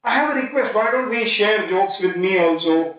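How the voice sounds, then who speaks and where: Speaking at a moderate pace in a high voice with lively intonation, a middle-aged man with an Indian English accent jokes with and quizzes students during a playful motivational talk. He's a guest speaker in a large lecture hall, picked up by a distant, dull mic in an echoey room.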